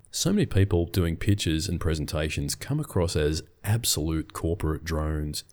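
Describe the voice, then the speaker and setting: A middle-aged man with an extremely deep, low voice tells a scripted business anecdote. His delivery is dry and wry, with a storyteller's timing. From Australia.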